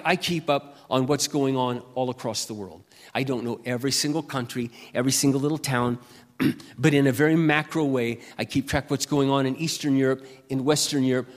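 An older man preaching a sermon with impassioned delivery, dropping to a hush and rising to loud peaks. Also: a little high. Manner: impassioned, swings from hushed to loud. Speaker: pastor. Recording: long reverb of a hall.

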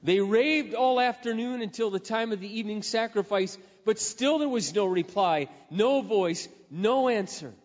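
High-voiced male preacher in a reverberant hall. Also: moderate pace, hardly any pauses. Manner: dramatic storyteller, swings from loud to hushed. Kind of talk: sermon retelling a scripture story. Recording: reverberant hall, dull lo-fi sound.

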